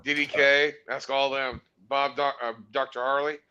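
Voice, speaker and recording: A man with a bright, forceful voice chats in an easygoing, self-mocking way. His sound is a little dull and lo-fi, like a remote link. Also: medium pitch, flat delivery, normal speed, clear, resonant tone. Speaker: podcast co-host. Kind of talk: casual chat.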